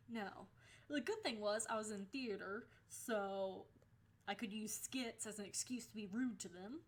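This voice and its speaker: A woman's voice: medium pitch, unhurried. Young woman telling a storytime vlog. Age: young adult. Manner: animated, swears freely, acts out quoted lines. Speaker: vlogger.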